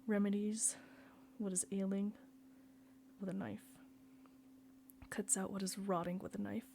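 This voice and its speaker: Woman doing a panicked middle-aged dad, pleading, soft and mellow. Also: medium pitch, little pitch movement, a little slow, gravelly, a little hiss or hum. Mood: anguished. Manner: pleading, bewildered. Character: anguished middle-aged father in crisis.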